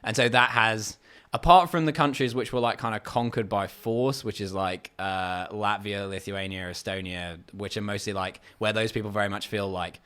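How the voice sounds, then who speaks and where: Low-voiced rambling English man. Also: steady tone, moderate pace, fairly bright tone, clear, resonant tone. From Essex, England. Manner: rambling, lots of "like" fillers. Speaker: guest comedian. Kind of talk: casual podcast chat.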